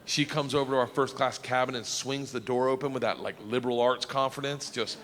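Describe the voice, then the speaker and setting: Man, stand-up comic, raucous, sharp bright voice, reverberant stage, faint noise. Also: mid-range voice, steady tone, fairly quick. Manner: loud, raucous, shouting punchlines. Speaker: comedian. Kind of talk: stand-up storytelling.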